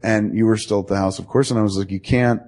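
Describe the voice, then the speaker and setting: A man telling a long story to a friend in casual talk, profane and animated, acting out both sides of the dialogue. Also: fairly low pitch, rapid-fire.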